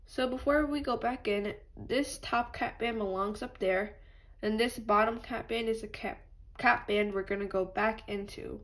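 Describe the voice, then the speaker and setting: Lady w a stuffy nose walking thru a craft tutorial step by step, kinda high voice. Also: a little slow, fairly bright tone. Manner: patient, apologetic instructions.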